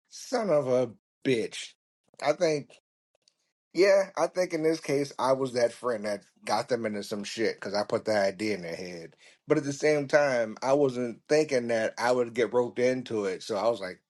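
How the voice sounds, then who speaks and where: A man's voice: medium pitch, normal speed. A man hosting a podcast, telling a story casually and swearing often, with frequent laughs. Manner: profane, laughing, lively. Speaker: podcast host.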